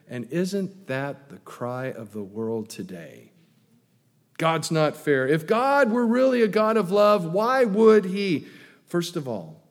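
Animated preacher in a reverberant hall. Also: male voice, on the high side. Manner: animated preaching, rhetorical questions, swings from loud to hushed. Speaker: pastor. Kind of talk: sermon.

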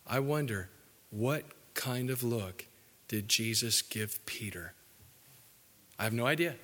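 A male pastor preaching a folksy, joking sermon, dropping low and soft for the solemn points. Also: slow pace, big-room sound.

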